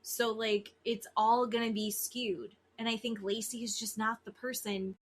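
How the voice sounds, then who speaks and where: A woman's voice: a little high, unhurried, slight background noise. A woman co-hosting a podcast in casual chat, blunt, swearing freely and mimicking the people she talks about. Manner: animated, mimics people in quotes. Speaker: podcast co-host.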